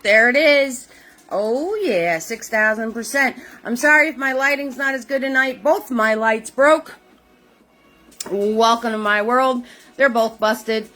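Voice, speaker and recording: Upbeat chatty woman, fairly high voice. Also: steady tone, a little slow, pushed and bright, faint music behind. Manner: upbeat and chatty, repeats greetings and calls viewers sweetheart. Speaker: painting class host. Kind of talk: live-streamed painting lesson.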